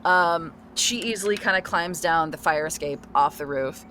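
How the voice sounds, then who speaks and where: A woman's voice: lowish voice, unhurried, sharp tone, a little hiss or hum. A woman running a tabletop role-playing game as game master, narrating in a rambling way with lots of fillers and restarts. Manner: rambling with many fillers and restarts, searching for words.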